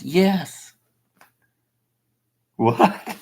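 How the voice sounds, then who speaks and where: Gravelly rambling opinionated man. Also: mid-range voice, very animated, unhurried. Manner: rambling, opinionated, swings from loud to whispered. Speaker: self-made video commentator. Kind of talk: casual monologue.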